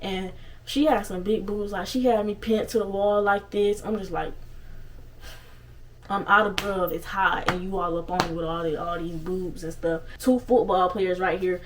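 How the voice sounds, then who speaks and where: Young woman doing a storytime vlog, talks fast and loose with swears, a little far from the mic, light hiss. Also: medium pitch. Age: young adult. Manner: animated, swears freely, retells with many asides. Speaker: storytime vlogger. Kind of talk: casual storytime.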